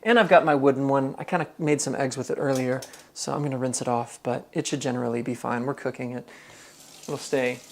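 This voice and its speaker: A man's voice: medium pitch, steady tone, a little fast, gravelly, slight background noise. Chatty man hosting a cooking stream. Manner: chatty, reads chat aloud, thinks out loud. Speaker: live-stream cooking host. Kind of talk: casual live-stream chat while cooking. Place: home kitchen.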